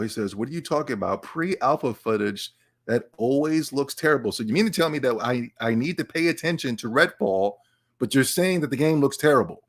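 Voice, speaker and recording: Animated excitable man hosting a podcast. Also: mid-range voice. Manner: animated, excitable, repeats and stammers; talks to live chat. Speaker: podcast host. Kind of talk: casual livestream chat.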